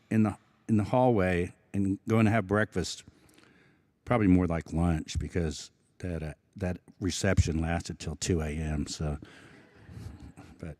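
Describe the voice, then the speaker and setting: An Osage man from Oklahoma, a film actor speaking as an event guest, telling stories in a halting, earnest way with many restarts. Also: deep voice, mellow, dry recording, studio quality. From Osage Nation, Oklahoma. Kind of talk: casual storytelling talk. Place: public evening event.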